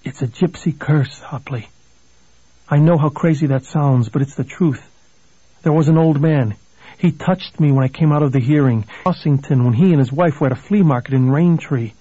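A man's voice: a little high, moderate pace, mellow, husky, no echo, lo-fi sound. Man reading a desperate haunted lawyer. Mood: urgent, pleading.

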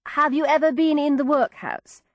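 A woman voicing a plain, stern but kindly matron who asks brisk official questions. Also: high-pitched, steady tone, no echo, pitched above the performer's own voice, lightly acted.

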